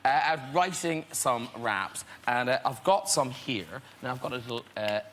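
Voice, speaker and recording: Playful man host, lively pitch. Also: moderate pace. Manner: playful, teasing. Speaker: talk show host. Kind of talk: chat show banter. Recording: loud hiss over the voice.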